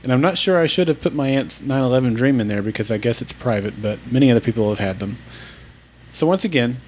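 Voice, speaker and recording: A man's voice: medium pitch, lively intonation, fast talker, darkish tone, slight background noise. A man from Oklahoma co-hosting a casual podcast, reading listener emails aloud in an easygoing, joking way. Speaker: podcast co-host.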